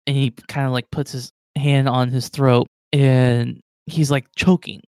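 A man's voice: mid-range voice, flat delivery, a little slow, darkish tone, clean tone, no echo. Male game master, mid-range voice, loose rambling narration, dry close mic. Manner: rambling, heavy with "like".

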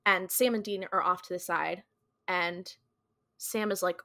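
A woman's voice: mid-range voice, fairly even intonation, a little slow, bright, forceful tone. A young woman recapping a TV episode in a chatty way, quoting characters and using lots of likes and ums. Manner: chatty retelling with quoted dialogue, many likes and ums. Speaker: podcast co-host.

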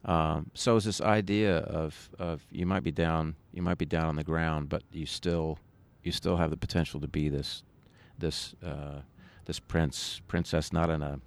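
A man with a very low, gravelly voice talks through a relaxed interview. He rambles, circling back and restarting his sentences as he recalls things. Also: measured pace, few pauses. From United States. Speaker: musician guest. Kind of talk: conversational interview.

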